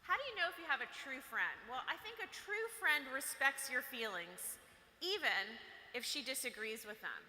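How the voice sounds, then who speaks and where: A high-voiced woman with a very bright, clear tone gives a chatty, playful motivational talk to girls. She is recorded in a large hall that rings with a long reverb. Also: big pitch swings, normal speed. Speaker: workshop speaker for girls. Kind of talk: motivational talk to a live audience.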